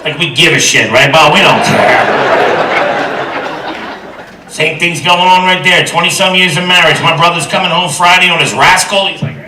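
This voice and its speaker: An older man doing a stand-up set, shouting punchlines to the crowd. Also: on the high side, moderate pace, background noise. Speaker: stand-up comedian. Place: large theater with a live audience. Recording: echoey hall recorded from a distance. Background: loud crowd laughter.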